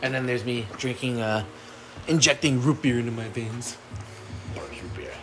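A man's voice: medium pitch, moderate pace, loud music behind the voice. A young man in casual podcast chat, joking around and giggling. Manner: giggly, lively banter. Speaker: podcast co-host. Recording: echoey room with loud background noise.

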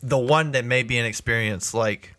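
A man chatting casually as a podcast co-host, rambling and restarting his sentences. His voice is bright and forward, recorded dry and close with no room sound. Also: medium pitch, normal speed, dry recording. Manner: rambling, self-correcting, chuckling. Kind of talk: casual chat.

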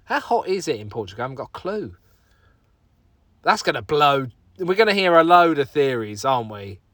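A man's voice: fairly high pitch, very animated, a little fast, a bit bright, dry recording, clean studio sound. A man hosting a podcast on his own, chatting in a rambling, self-deprecating way and swearing casually. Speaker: podcast host. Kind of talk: casual solo podcast chat.

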